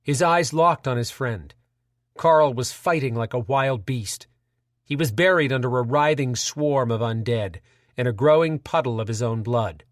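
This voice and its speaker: A man narrating an audiobook in a dramatic, measured reading. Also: medium pitch, no echo, studio quality.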